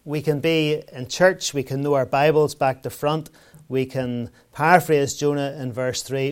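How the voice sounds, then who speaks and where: A man's voice: fairly high pitch, steady tone, unhurried, clear, resonant tone. A man preaching a sermon in a conversational way, asking rhetorical questions and telling everyday anecdotes.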